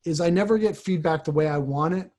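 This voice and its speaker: Male priest host; halting, thinking-aloud conversational delivery, slightly raised pitch. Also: a little mellow. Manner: halting, repeats words as he thinks. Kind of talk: casual conversation.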